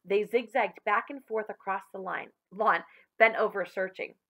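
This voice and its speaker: A woman teacher reading a chapter book aloud to children, expressive and addressing them directly. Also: mid-range voice, moderate pace. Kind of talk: children's story read-aloud.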